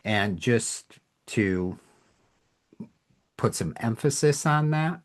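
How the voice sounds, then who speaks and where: A man hosting a communication podcast gives an informal lesson, reflective and emphatic, acting out tones in his examples. His mid-range voice has lively intonation and drawn-out words.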